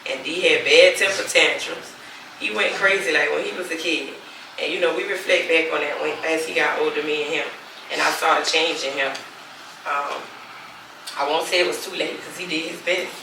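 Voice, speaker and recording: A mother speaks candidly in her own gravelly voice, slipping into the voices of the people she spoke to on the phone. The sound is roomy and echoing, picked up from some distance, with steady noise underneath. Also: low voice, normal speed. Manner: candid, acts out the phone calls with quoted dialogue. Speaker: mother telling her story. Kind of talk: personal testimony for a documentary. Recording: echoey room, distant mic, background noise.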